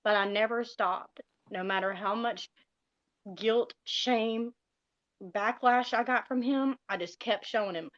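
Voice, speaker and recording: A woman's voice: a little high, unhurried, dry recording. A middle-aged woman gives an emotional personal testimony on a live stream, speaking earnestly and often calling her listeners "you guys". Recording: dull, dry lo-fi sound.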